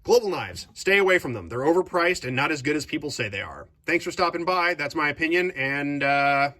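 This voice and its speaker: A young man casually reviewing his kitchen knives at home, animated and jokey, gushing over favorites and ranting about one he hates. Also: a little high, brisk. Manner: enthusiastic, animated, jokey asides. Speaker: vlog host.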